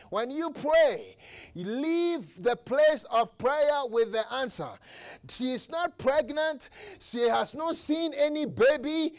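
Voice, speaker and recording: High-voiced impassioned male preacher. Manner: impassioned, acts out the story with repetition. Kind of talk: sermon.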